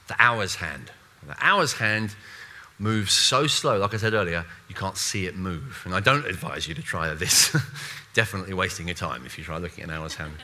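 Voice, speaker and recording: A man preaching a sermon in a conversational, animated way, with playful asides and voiced quotes. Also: medium pitch.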